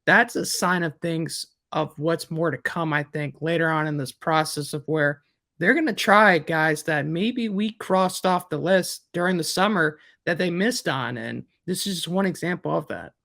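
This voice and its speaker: A man's voice: a little high, normal speed, vocal fry, bright, forceful tone, no room sound, clean studio sound. A man with a Midwestern American accent, co-hosting a sports podcast in a rambling way, with many fillers and restarts. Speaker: recruiting analyst co-host. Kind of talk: casual sports podcast chat.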